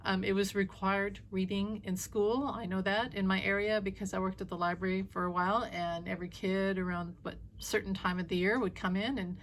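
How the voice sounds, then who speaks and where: A woman giving a casual, opinionated monologue as a spiritual reader, blunt and animated, swearing freely. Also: mid-range voice, a little fast, hardly any pauses, a little hiss or hum.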